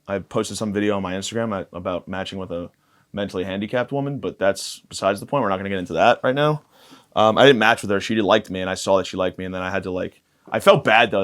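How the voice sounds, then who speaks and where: A young man with a low-pitched voice rambles through a casual podcast monologue. He is crude and self-mocking, drifting from one tangent to the next. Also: a bit bright. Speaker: podcast host.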